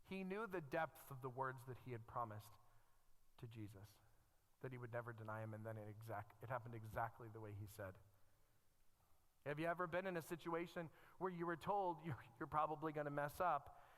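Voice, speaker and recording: A man's voice: mid-range voice, a little fast, fairly bright tone. A middle-aged man preaching a conversational sermon as a pastor, reading scripture aloud and adding self-deprecating asides. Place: church sanctuary. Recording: long church reverb.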